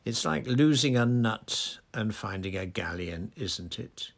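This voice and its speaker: A man voicing an old male wizard headmaster who speaks calmly, pleasantly and with gentle irony. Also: lowish voice, unhurried, vocal fry, full character voice. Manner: calm, pleasant, gently ironic.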